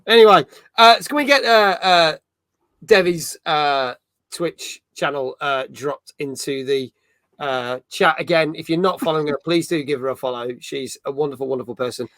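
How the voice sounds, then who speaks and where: Middle-aged guy hosting a gaming chat, bit high voice, dry sound, rambles and jokes. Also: moderate pace, fairly bright tone, dry recording. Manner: rambling, joking, filler-heavy. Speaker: host. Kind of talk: casual chat.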